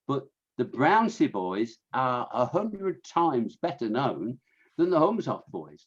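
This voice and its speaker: A Fenland-accented man with a mid-range voice presents an illustrated scouting history talk, captured on a muffled recording. He chats with his audience, restarting sentences and throwing in asides.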